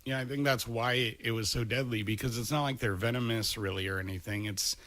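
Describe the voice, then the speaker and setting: A man's voice: medium pitch, fairly even intonation, brisk, fairly bright tone, no echo. A man hosting a podcast in casual chat, rambling and opinionated. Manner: rambling, opinionated, laughs easily. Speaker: podcast host.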